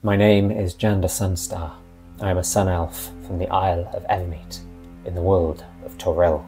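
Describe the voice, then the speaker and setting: A man reading as a calm, sorrowful, centuries-old good elf vampire, in a quiet voice with a sad tinge. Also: low-pitched, moderate pace, soft background music. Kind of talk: reading a character monologue.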